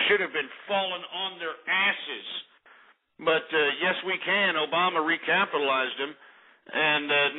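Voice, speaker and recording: A man hosting a talk radio show, ranting angrily and profanely while reading market prices. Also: fairly high pitch. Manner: angry, profane, repetitive ranting. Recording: tinny phone-like lo-fi line.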